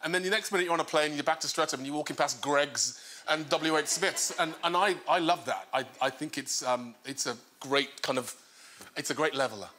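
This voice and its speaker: A man with a Birmingham accent, an actor chatting as a talk show guest, relaxed and playful with stammering restarts. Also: fairly high pitch, fairly quick. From England. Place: television studio with live audience. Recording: studio audience laughter and noise.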